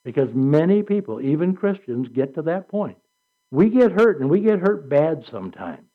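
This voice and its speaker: Guy preaching a sermon, voice a bit high, swings all over, dull lo-fi recording. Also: moderate pace. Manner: animated, reads scripture aloud and acts out quotes.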